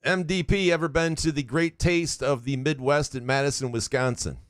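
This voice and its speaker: A man's voice: medium pitch, fairly even intonation, normal speed, dry recording, studio quality. Joking man reading listener questions. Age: 40s. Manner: reads listener questions aloud, joking and profane. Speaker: podcast co-host. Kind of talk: casual sports chat.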